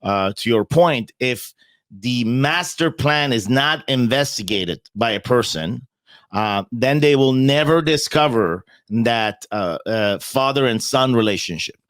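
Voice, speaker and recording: A man's voice: mid-range voice, lively intonation, unhurried, fairly bright tone, no echo. A man in a casual podcast conversation, talking bluntly and emphatically, often repeating words as he starts a point and swearing freely.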